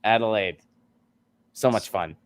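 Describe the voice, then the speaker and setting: Deadpan male guest, dry sound. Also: lowish voice, measured pace, dry recording. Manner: deadpan, mock-serious banter. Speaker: guest comedian. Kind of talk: casual live-stream chat.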